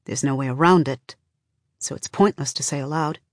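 A woman reading an audiobook in a measured, even second-person storytelling manner, close to the microphone. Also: extremely low pitch, dry recording. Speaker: audiobook narrator. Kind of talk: scripted narration.

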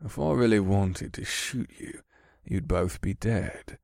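A man's voice: lowish voice, expressive, takes it slowly, gravelly, no room sound, studio quality, exaggerated voice. A man voicing a foppish, grey-skinned horned rogue who talks in an effeminate, dismissive way in an audiobook. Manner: effeminate, dismissive, soft-spoken. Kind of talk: audiobook character voice.

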